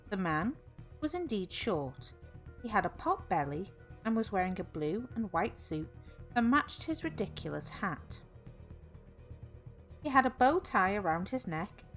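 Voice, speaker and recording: A woman streamer reading a horror story aloud, greeting her chat in a bubbly way between passages. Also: mid-range voice.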